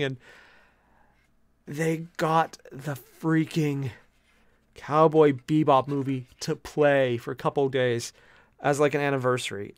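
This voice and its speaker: A young man streaming while he paints miniatures, chatting with viewers in an animated, jokey way. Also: medium pitch, clear, resonant tone, dry recording. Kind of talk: casual live-stream chat.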